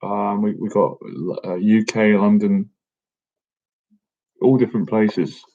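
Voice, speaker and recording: A man's voice: lowish voice, slow, warm tone. Chatty thirties man on a lo-fi stream. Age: 30s. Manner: chatty and jokey, peppers sentences with "man". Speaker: boxing coach and livestream host. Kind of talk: casual live-stream Q&A with chat. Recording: dull lo-fi stream audio.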